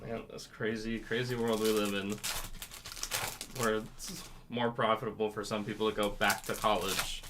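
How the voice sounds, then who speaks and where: A man's voice: fairly low pitch, little pitch movement, moderate pace, background noise. A man hosting a live card break, listing player names and chatting with viewers about sports betting. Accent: North Carolina.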